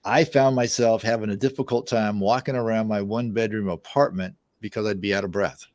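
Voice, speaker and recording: In a podcast interview, a mind-body therapist in his sixties shares anecdotes from his life in a relaxed, conversational manner, sometimes restarting his sentences. His fairly low voice is brisk, a little mellow and fairly even in intonation, with no room sound.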